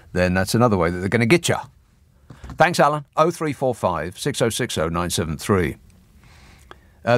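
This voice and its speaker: A man's voice: fairly low pitch, no echo. A man hosting a radio phone-in, chatting wryly and laughing often, on a studio microphone. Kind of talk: casual radio phone-in chat.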